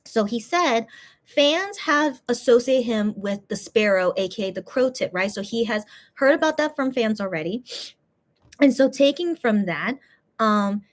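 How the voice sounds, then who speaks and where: A high-pitched woman talks through a video in casual reaction commentary. She rambles, restarts her sentences and often cracks up laughing. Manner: giggly, rambling, animated, many restarts; loud bursts of laughter. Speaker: fan vlogger.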